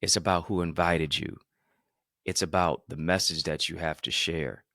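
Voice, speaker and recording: A man giving an energetic motivational talk to a live-stream audience, emphatic and repetitive, calling on listeners to answer in the chat. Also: sits low, moderate pace, dry recording, studio quality. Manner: emphatic and repetitive, punching key phrases; calls on listeners to respond in the chat. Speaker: motivational speaker and podcast host.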